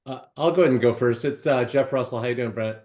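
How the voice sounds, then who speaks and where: A man's voice: mid-range voice, quick pace, a little mellow. A man on a video call asking an earnest question, often repeating words as he talks. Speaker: real estate agent asking a question.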